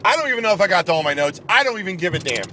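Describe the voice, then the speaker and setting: Angry ranting man, lively high voice. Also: very fast, a little hiss or hum. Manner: angry, emphatic, repetitive. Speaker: video blogger. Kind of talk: ranting sports commentary to camera.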